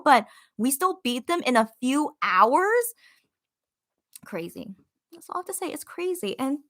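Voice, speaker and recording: A woman hosting a casual livestream podcast, reading chat comments aloud and gushing with excitement through lots of fillers. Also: high-pitched. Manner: excited, gushing fan talk with many fillers.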